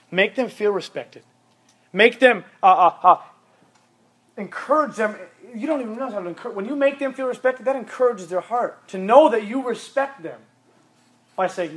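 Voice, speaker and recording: A man's voice: high-pitched, normal speed, a bit bright, breathy edge. A man in his thirties preaching to teenagers, emphatic and repetitive, hammering home each point. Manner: emphatic, repeats commands for stress. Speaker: youth pastor. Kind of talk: sermon.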